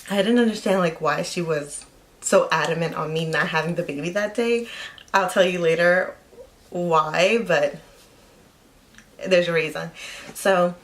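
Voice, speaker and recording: A woman's voice: fairly low pitch, unhurried, pauses often. A young woman vlogger telling a personal story in casual, chatty speech, full of filler words.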